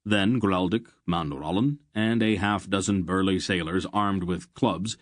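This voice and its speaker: A man reading a fantasy audiobook in a measured, steady narration. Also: sits low, dry recording, studio quality.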